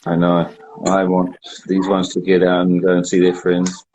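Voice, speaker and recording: A man's voice: deep voice, completely flat delivery, moderate pace, darkish tone, rough recording. A middle-aged man chatting as a guest on a video call, rambling with dry, self-mocking humor. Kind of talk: casual chat.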